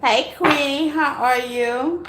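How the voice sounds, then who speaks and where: High-voiced, laughing woman tarot streamer. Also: very slow, echoey room, very noisy. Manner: laughs often, bursts into loud high exclamations. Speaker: tarot reader hosting a live stream. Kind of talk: casual live tarot reading to chat viewers.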